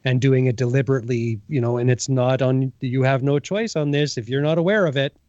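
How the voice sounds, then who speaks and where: A man's voice: mid-range voice, fairly quick, a little mellow, no echo, highs cut off. A man co-hosting a casual podcast discussion who keeps asking "right?" and acts out small scenes as he talks. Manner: conversational, lots of "right?" and "you know", acts out little scenes. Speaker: podcast co-host.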